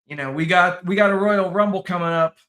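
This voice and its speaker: High-voiced man, hesitant podcast host. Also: a little fast, sharp tone. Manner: hesitant, filler-heavy lead-ins. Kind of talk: casual podcast chat.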